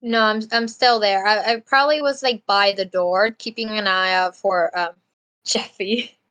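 A woman's voice: medium pitch, steady tone, unhurried, sharp tone. A woman playing a tabletop role-playing game, describing her character's moves in a hesitant way with fillers. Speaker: player.

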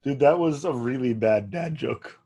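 A man's voice: mid-range voice, normal speed, mellow. A man co-hosting a podcast over a video call, crude and teasing in casual chat. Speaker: podcast co-host.

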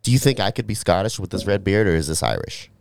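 A man's voice: on the low side, animated, fast talker, creaky, no room sound, clean studio sound. A man co-hosting a casual podcast, joking crudely and trying out mock accents. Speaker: podcast co-host. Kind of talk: casual banter.

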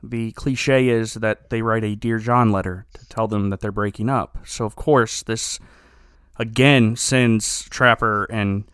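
A man's voice: on the low side, measured pace, clean tone, no room sound, studio quality. A man in casual chat, animatedly recapping a TV episode and acting out quotes. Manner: animated storyteller, acts out quotes, laughs often. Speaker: podcast co-host.

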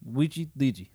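Man playing a deadpan russian tough guy in a comedy sketch, mellow voice that swings around, clipped broken english, dry room. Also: medium pitch, breathy edge, dry recording, full character voice. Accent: put-on Russian. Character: blunt, boastful Russian man Ivan, gruff and stubborn.

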